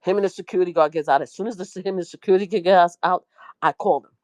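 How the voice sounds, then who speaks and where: Animated middle-aged woman retelling a story. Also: racing, no echo. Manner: animated, slangy, jumps into high voices to act out quotes. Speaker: media personality recapping a trial. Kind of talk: casual storytelling breakdown.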